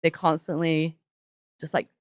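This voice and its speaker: A woman in her thirties from New Zealand with a partly Americanized New Zealand accent, chatting casually as an interview guest, animated and quick to laugh. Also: dry recording, studio quality. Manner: animated, laughing, jumps high for quoted voices. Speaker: guest, professional wrestler.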